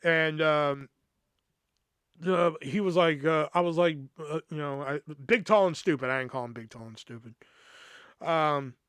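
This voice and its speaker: A man's voice: fairly high pitch, a little slow, fairly bright tone, clear, resonant tone, no echo. A young man hosting a podcast, telling a work story in a casual, profane way and acting out the quoted dialogue. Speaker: podcast host.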